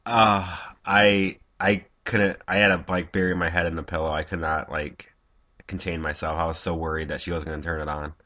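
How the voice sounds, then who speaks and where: A man from Ohio co-hosting a casual chat, laid-back and a bit halting. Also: low voice, level tone, pushed and bright. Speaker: podcast co-host.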